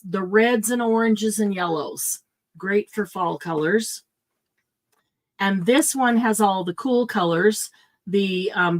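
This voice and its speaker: A middle-aged woman hosting a live craft supply sale, chatting casually and thinking aloud as she sets prices. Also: medium pitch. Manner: chatty, thinks aloud while pricing items.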